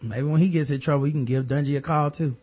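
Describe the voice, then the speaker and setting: A man co-hosting a casual sports talk show, animated and profane, slipping into mocking impressions. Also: on the high side, fast, slightly rough. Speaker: podcast co-host.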